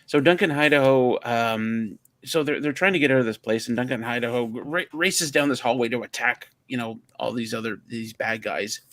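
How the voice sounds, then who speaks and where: A man's voice: mid-range voice, normal speed, hardly any pauses, fairly bright tone, no room sound. A man co-hosting a livestream, chatting casually and rambling as he searches for words. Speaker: livestream co-host. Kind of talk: casual chat.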